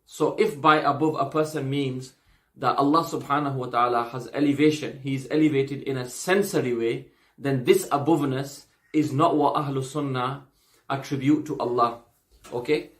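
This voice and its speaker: A man's voice: mid-range voice, fairly even intonation, normal speed, fairly bright tone, reverberant. A man teaching a religious lesson in a didactic way, checking in with "okay". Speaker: Islamic teacher.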